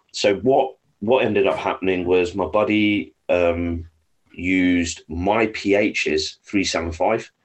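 A man's voice: low-pitched, husky. An English man, a guest on a podcast, telling hunting stories in casual talk, swearing freely as he goes. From United Kingdom. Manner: swears freely, lively anecdotes. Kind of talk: casual storytelling.

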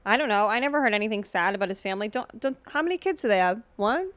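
A woman's voice: mid-range voice, expressive, rapid-fire, fairly bright tone, dry recording. A woman co-hosting a podcast in casual chat, blunt and profane, joking, with lots of fillers. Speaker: podcast co-host.

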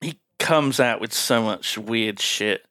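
A podcast co-host casually retells a film, swearing freely and rambling with lots of filler words. His lowish voice is slow, pushed and bright, with no echo.

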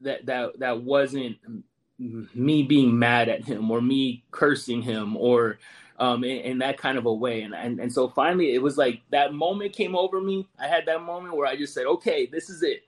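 A man's voice: mid-range voice, fairly even intonation, moderate pace. A man in his forties, a Marine veteran guest, earnestly telling a personal story and often repeating words as he goes. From United States.

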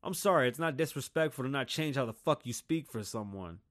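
Male podcast host, mid-pitch, dry close sound, profane and combative. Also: lively intonation, brisk, no echo. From United States. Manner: profane, heated, talks in bursts and mocks people in loud voices. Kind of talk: ranting solo podcast monologue.

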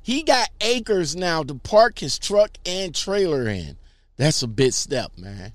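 A man with a fairly high voice talks slowly and casually through viewer comments. He rambles and repeats himself, leaning hard on his points. The sound is dry and close. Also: sing-song, no room sound. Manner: rambling, repeats words, emphatic. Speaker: YouTuber reading viewer comments.

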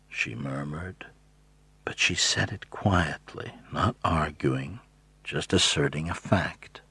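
Husky, low-voiced man narrating an audiobook, slow and measured. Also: fairly bright tone, no room sound. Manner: measured storytelling. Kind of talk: first-person novel narration.

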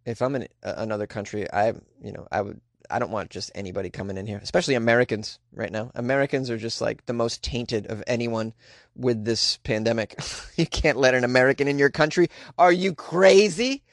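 A man's voice: medium pitch, a little fast, dry recording, clean studio sound. Joking man hosting a comedy news podcast. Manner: joking, chuckles between lines. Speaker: podcast host.

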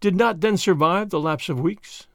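A man reading a story, voicing a shrewd middle-aged French spy who speaks quietly, with sarcasm and mock gallantry. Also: high-pitched, normal speed, gravelly, dry recording, clean studio sound. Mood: sly, sarcastic.

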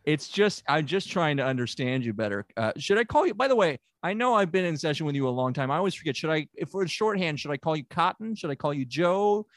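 A man's voice: fairly high pitch, very animated, quick pace, few pauses, no echo. A man from Tennessee playing a hapless therapist in an improvised comedy sketch, rambling and hesitant, full of filler words. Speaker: comic playing a fake therapist.

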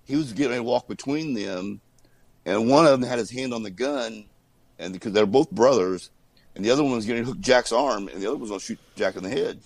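In a casual interview, a former wrestler tells stories, animated and laughing often as he acts out what people said. He talks fast in a mid-range voice, and the recording is dry with poor audio.

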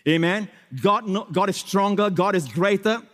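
Man, pastor, sermon, emphatic preaching, hushed prayerful asides, repeated phrases, somewhat high voice, long church reverb. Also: normal speed. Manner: emphatic preaching, swinging between loud exclamations and hushed prayer; repeats phrases, frequent hallelujahs and amens.

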